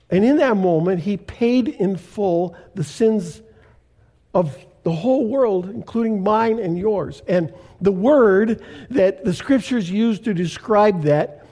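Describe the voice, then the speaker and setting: An older man from Canada, a pastor preaching a sermon in a slow, deliberate way with emphatic pauses. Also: sits high, warm tone.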